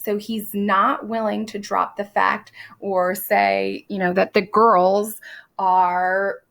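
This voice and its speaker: Woman, teacher, casual recorded lesson, quizzes students, gravelly fry, mid pitch. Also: level tone, fairly bright tone. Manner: conversational, with quick asides and quizzing questions; reads quoted lines aloud in a plain voice. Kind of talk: recorded classroom lesson walking through a play.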